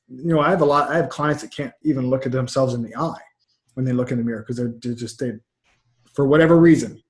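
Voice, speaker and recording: His voice sits in the mid-range with a slightly mellow quality. A middle-aged mindset coach, he's chatting loosely in a video-call interview, rambling, repeating words, and speaking with frank energy into a webcam set about two feet back.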